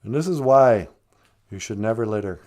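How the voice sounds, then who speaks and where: A man's voice: fairly low pitch, expressive, moderate pace, warm tone. A man hosting a comedic livestream, chatting in a joking, playful way. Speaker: host.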